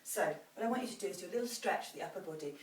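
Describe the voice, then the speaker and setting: A woman's voice: lowish voice, animated, very fast, recorded from a distance. A woman fitness instructor guiding a post-run stretching routine, demonstrating each stretch as she encourages the viewer. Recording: roomy sound from off-mic with faint noise.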